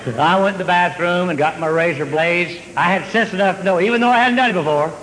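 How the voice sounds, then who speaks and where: A man telling a long comic story on stage, drawling and deadpan, then jumping up in excitement. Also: sits high, fast talker, slight background noise. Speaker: comedian. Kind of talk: stand-up storytelling. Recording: hall reverb with faint ambience.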